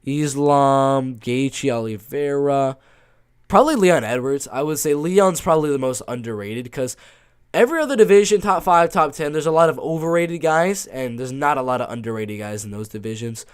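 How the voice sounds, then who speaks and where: A man's voice: medium pitch, expressive, moderate pace, smooth. A man running a casual live stream, reading chat questions aloud and answering in a laid-back, offhand way.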